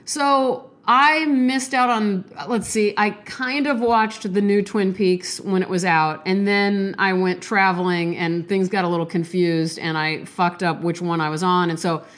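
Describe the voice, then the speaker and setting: A woman hosting a casual solo podcast while sick with a stuffy nose, chatty, self-deprecating and quick to apologize, swearing casually. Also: mid-range voice, fairly even intonation. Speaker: podcast host.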